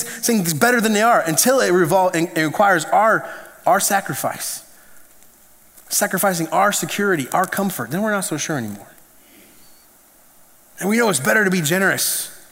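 A man preaching in a loose, storytelling way, repeating words as he builds his point. His voice sits high for a man. A long reverb from the hall trails each phrase. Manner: animated, conversational storytelling with restarts. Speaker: pastor. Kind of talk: sermon.

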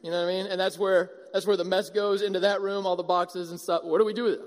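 A man preaching a sermon as pastor, animated and acting out the voices of a crowd. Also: high-pitched, quick pace, hardly any pauses. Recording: long hall reverb.

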